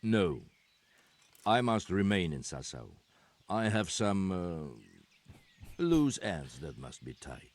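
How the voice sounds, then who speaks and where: An actor playing a guarded, secretive soldier, speaking in measured, formal video game dialogue. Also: male voice, low-pitched, sing-song, exaggerated voice. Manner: measured, formal, stiff old-fashioned phrasing.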